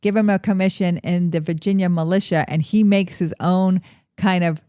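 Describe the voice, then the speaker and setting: A woman's voice: lowish voice, fairly even intonation, normal speed, mellow, smooth, no room sound, studio quality. A woman co-hosting a history podcast, explaining events in a casual, storytelling way.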